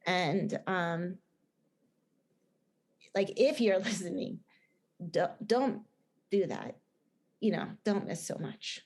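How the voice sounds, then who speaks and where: Middle-aged woman, Jersey accent, podcast guest; earnest, rambling, mid-pitched. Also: slow pace, long pauses, a little mellow. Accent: New Jersey. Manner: earnest, rambling with many restarts and "like". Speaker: guest, film director and writer. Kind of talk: casual podcast interview.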